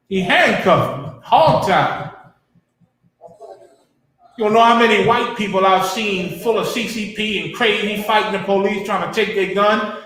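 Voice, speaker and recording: A man hosts a show and comments passionately over footage, preaching in blunt street slang. His voice sits high for a man. Everything rings out in a very echoey room. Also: unhurried, fairly bright tone. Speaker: podcast host.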